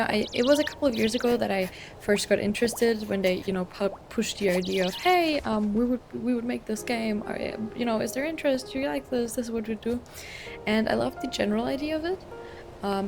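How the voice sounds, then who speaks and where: A hoarse young woman chatting excitedly and rambling as she plays a video game. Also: medium pitch. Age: young adult. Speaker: gaming channel host. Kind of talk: let's play commentary. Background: game music.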